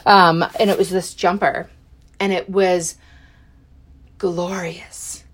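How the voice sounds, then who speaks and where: A middle-aged woman telling a personal story in a chatty, animated way, full of fillers and acted-out quotes. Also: on the low side, slow pace, husky. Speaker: podcast guest.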